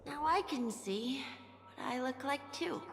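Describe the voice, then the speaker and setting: An eager, curious little child. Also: female voice, high-pitched, a little slow, long reverb tail. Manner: eager, innocent questions. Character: curious cheerful young child, trusting.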